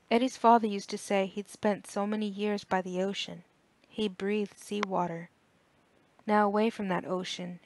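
Brief: woman narrator, calm measured storytelling, dry close recording. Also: medium pitch, vocal fry, no room sound. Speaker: audiobook narrator. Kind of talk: scripted narration.

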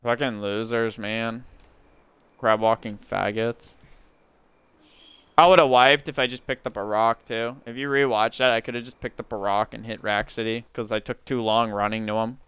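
A young man streaming a team game live, giving rapid callouts and countdowns to his teammates, slangy and swearing. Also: medium pitch, steady tone, a bit bright, clear, resonant tone, no room sound. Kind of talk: live gameplay commentary to teammates.

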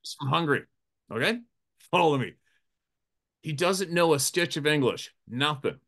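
Hunting guide, male, bright and a bit high, profane, animated storyteller who laughs a lot. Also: moderate pace. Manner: animated, profane, laughing often, acts out quotes in a raised voice. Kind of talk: casual storytelling. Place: campfire outdoors.

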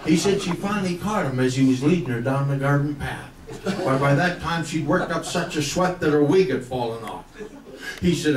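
A country comedian spins a tall tale in a folksy, slangy drawl and chuckles as he goes. His voice sits a touch high for a man. He is caught from a distance in a roomy space with faint ambience behind. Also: normal speed. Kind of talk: stand-up comic storytelling. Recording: roomy, from off the mic.

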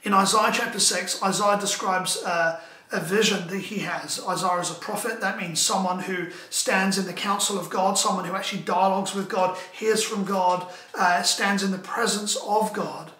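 A man's voice: high-pitched, fairly even intonation, normal speed, bright, forceful tone. A man preaching a sermon as pastor, emphatic and repetitive, with lines echoed back and forth. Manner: emphatic, repetitive call-and-response phrasing. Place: church.

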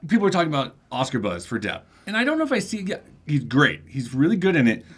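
A man's voice: a little high, breathy edge. A man hosting a film review show, giving his take in casual back-and-forth chat. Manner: animated, quick, lively delivery.

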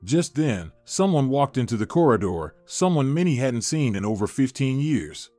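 A man's voice: medium pitch, big pitch swings, moderate pace, warm tone, no echo. A man reading a dramatic story aloud as narrator. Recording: dry studio voice-over with faint music.

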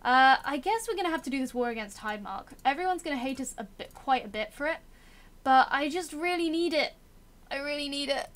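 Woman, high voice, young adult, casual game commentary, chatty, self-mocking. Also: expressive, fairly quick, a bit bright. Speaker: gameplay commentator.

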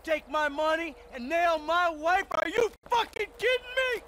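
An actor voicing a bitter, hot-tempered middle-aged crook who swears and shouts with heavy sarcasm in a video game. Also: male voice, very high-pitched, animated, normal speed, a little hiss or hum. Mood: enraged.

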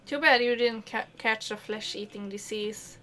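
A woman voicing an excitable young male fox who teases his old friend, read in a deadpan way from a cartoonish game. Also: fairly high pitch, moderate pace. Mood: teasing.

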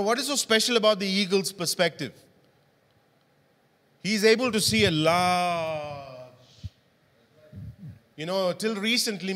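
Preaching in a church hall thick with lingering reverb, a male pastor speaks in a high-pitched, slightly bright voice. He regularly turns to the congregation with questions.

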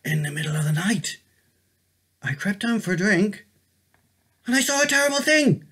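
A man reading his picture book aloud, expressive and animated. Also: sits high, moderate pace, husky. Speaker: storyteller.

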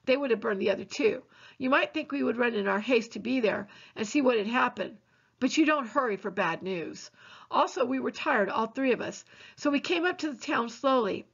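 A woman teacher reading a novel aloud in a steady, earnest way with occasional small slips. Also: fairly high pitch, vocal fry, husky. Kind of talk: novel read-aloud narration. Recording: dull lo-fi recording.

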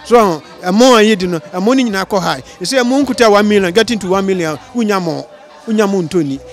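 A man with a Ghanaian accent answering a street interview outdoors, talking earnestly and pleading, halting often with restarts. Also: high-pitched, faint music behind.

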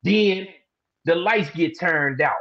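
A man preaching scripture in an easy, colloquial way on a live stream, stretching words out to make his point. His voice sits high and sounds a bit husky. The audio is dull and lo-fi. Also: takes it slowly, fairly bright tone. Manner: colloquial, emphatic, drawls words for stress. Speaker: teacher in a Bible discussion broadcast. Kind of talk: casual preaching in a live streamed Bible discussion.

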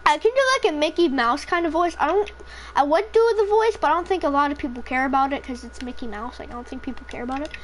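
A woman's voice: high voice, steady tone, rapid-fire, hardly any pauses, a little hiss or hum. A woman casually commentating her own gameplay, rambling, swearing freely and joking about how tired she is. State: tired, throat feels off.

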